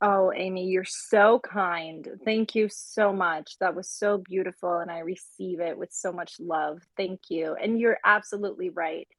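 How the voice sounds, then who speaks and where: A woman from Puerto Rico, a life coach and guest, talking in a warm, heartfelt way. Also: on the low side, steady tone, a little slow, hardly any pauses, no room sound. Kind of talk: casual chat. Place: audio chat room.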